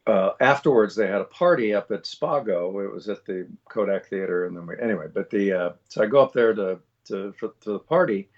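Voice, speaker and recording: A male voice actor and guest on a live show, telling a long anecdote in an animated way with many fillers and restarts. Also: lowish voice, highs cut off.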